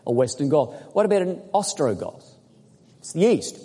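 A man preaching a sermon with emphatic, dramatic delivery, swinging between loud bursts and quiet asides. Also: a little high, very animated, normal speed. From outside the United States. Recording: echoey hall.

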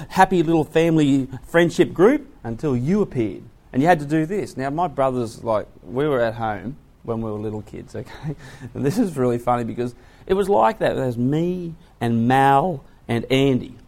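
A man giving an animated, story-driven Bible talk to young people, often breaking into loud exclamations. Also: mid-range voice. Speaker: Bible class speaker.

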